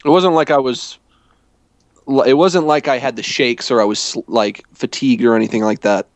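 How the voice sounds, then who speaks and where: A man's voice: mid-range voice, normal speed, no room sound. A man telling a long, meandering travel story in casual chat, often restarting his sentences. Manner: rambling, self-correcting storytelling.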